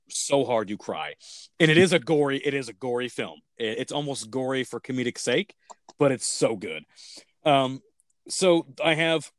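A man's voice: mid-range voice, no room sound, clean studio sound. A man hosting a casual podcast, talking enthusiastically and rambling with tangents. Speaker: podcast host reviewing films. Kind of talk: casual chat.

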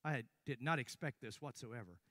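An older man preaching a sermon, telling a story with hushed stretches and sudden loud bursts. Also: medium pitch, brisk, no room sound, studio quality.

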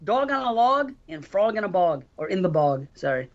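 Animated man hosting a podcast. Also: high-pitched, moderate pace, lo-fi sound. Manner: animated, reads listener mail aloud. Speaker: podcast host. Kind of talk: casual podcast chat.

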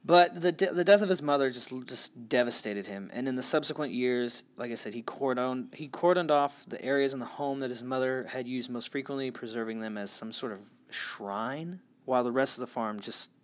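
A man's voice: mid-range voice, normal speed, few pauses. A man co-hosting a true crime podcast, telling the story in a loose, profane, joking way. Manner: loose and profane, with dark jokes. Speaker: podcast co-host.

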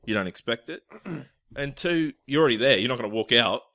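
A man co-hosting a podcast in casual chat, joking, swearing freely and tossing in quick asides. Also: mid-range voice, expressive, pushed and bright, no room sound, studio quality. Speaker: podcast co-host.

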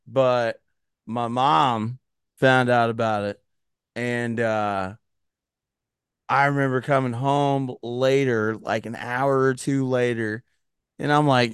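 Male podcast host, unhurried and smooth, laid-back and joking, dry close sound. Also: medium pitch, steady tone, no echo. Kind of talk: casual chat.

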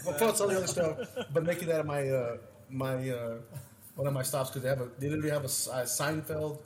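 A man co-hosting a podcast, telling stories in a rambling, profane and animated way. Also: on the high side, quick pace. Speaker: podcast co-host. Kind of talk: casual storytelling chat. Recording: echoey room with faint noise.

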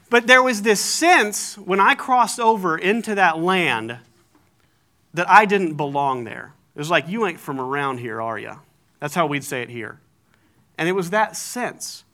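A man's voice: high voice, big pitch swings, a little slow, sharp tone. An American man giving a conversational sermon, joking and correcting himself as he goes. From United States. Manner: conversational, self-correcting, lightly humorous. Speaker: pastor.

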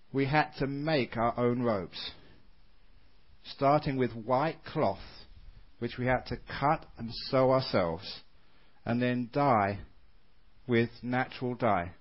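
A man, a Buddhist monk, giving a dharma talk with lively storytelling and frequent laughter. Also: mid-range voice, takes it slowly, lo-fi sound. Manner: animated storyteller, laughs often.

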